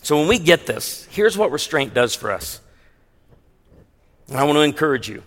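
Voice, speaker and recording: A man's voice: a little high, big pitch swings, moderate pace, long pauses, a bit bright. A man preaching a sermon as pastor, conversational with humorous asides. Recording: long hall reverb.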